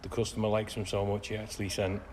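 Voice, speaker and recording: A man's voice: on the low side, completely flat delivery, quick pace, a little mellow, a little hiss or hum. A man narrating his classic car restoration work in a garage workshop, grumbling with dry sarcasm between practical explanations.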